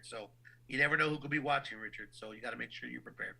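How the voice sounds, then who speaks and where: Bright-voiced man, ring announcer. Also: mid-range voice, racing, creaky, low-quality recording. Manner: animated, repeats words when starting sentences. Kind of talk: casual interview storytelling.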